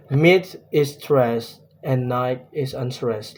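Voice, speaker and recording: Slow, hesitant young man presenting. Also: mid-range voice, a little mellow, slight background noise. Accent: Indonesian. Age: young adult. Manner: hesitant, many fillers and restarts. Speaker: student presenting a poem analysis. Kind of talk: spoken class presentation.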